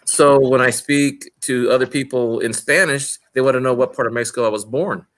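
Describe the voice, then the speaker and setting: A man from California chats casually, drifting into long personal stories. He speaks at an unhurried, deliberate pace, with a mid-pitched, everyday voice. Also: fairly bright tone. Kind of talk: casual chat.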